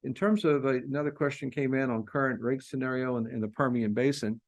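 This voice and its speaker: A man hosting a business webinar as an industry analyst, speaking in a measured, businesslike way over a video call. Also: medium pitch. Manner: measured, businesslike, wraps up with announcements.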